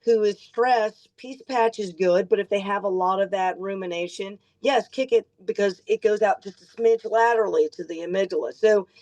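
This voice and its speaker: A woman practitioner explaining in a brisk, emphatic way on a group call. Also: mid-range voice, a little mellow, rough recording. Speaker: medical practitioner speaker.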